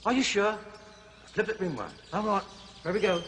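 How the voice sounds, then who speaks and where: A man's voice: high-pitched, animated, normal speed, noisy background. A man playing a chattering, self-amused jungle explorer who hosts a zoo segment on a 1970s children's TV comedy and is easily flustered. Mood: jovial. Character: jolly bumbling male jungle explorer zoo host. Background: music.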